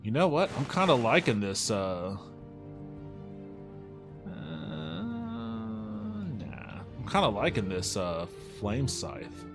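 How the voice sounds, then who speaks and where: A man's voice: fairly low pitch, very animated, moderate pace, few pauses, over music. A man giving casual, rambling gameplay commentary, joking around and swearing when frustrated. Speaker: let's play host.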